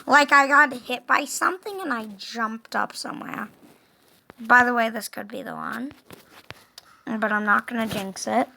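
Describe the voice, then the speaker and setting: A woman giving casual gaming commentary, excitable, yelping and groaning at the game and talking to herself. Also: a little high, measured pace, vocal fry. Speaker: gameplay commentator.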